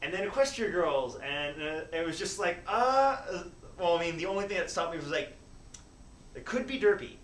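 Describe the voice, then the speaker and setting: A man talking casually as a guest, animated and laughing often. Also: high-pitched, normal speed, distant mic, a little hiss or hum. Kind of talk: casual chat. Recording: echoey room, voice from off-mic.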